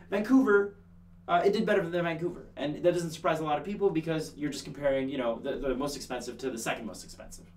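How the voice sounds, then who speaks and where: Far from the mic, with a little hiss or hum on the recording, a young man from Canada speaks in a slightly high voice as he hosts casual online news commentary. He's chatty and animated, joking around and using lots of filler words.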